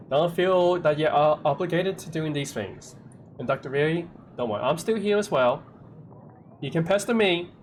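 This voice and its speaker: Lively game streamer bantering with chat, bouncy intonation, light hiss. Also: mid-range voice. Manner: animated, impulsive chatter with the chat. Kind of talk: live game stream commentary.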